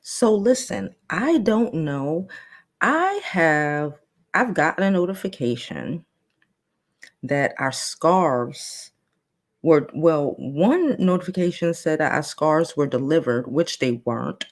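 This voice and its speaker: A woman with a hoarse, fading voice, hosting a casual livestream chat in a playful, rambling way. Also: sits low, lively intonation, slow. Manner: playful, chatty, trailing off and restarting. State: hoarse, losing her voice. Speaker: livestream host.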